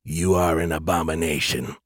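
A man voicing a cold, menacing male alien AI that speaks in a slow, mechanical way for an audiobook. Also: extremely low pitch, fairly even intonation, no room sound, studio quality, pitched below the performer's own voice.

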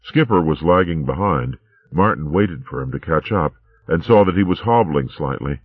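Deep guy reading a story, calm and steady, dead dry tinny audio. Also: normal speed, no echo. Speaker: audiobook narrator. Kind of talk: scripted narration. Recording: tinny narrow-band recording.

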